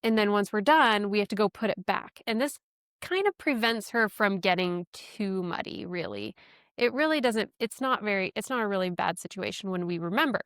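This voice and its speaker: Chatty woman with a smooth, crisp voice. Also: mid-range voice, animated, moderate pace, a bit bright, dry recording, studio quality. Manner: chatty, self-deprecating, laughs often. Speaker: podcast host. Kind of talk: casual personal storytelling.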